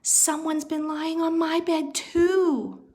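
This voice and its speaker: A woman's voice: high-pitched, fairly even intonation, slow, darkish tone, pitched above the performer's own voice. A woman voicing a fretful grown mother bear in a storybook, her voice raised and worried.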